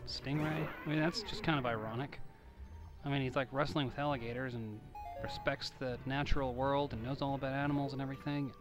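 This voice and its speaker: A young man rambles through casual game commentary, tossing off jokes and digs at himself. His voice sits at an ordinary middle pitch. Video game music plays clearly underneath. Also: steady tone, fairly quick. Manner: rambling, joking, self-deprecating. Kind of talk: casual let's-play commentary.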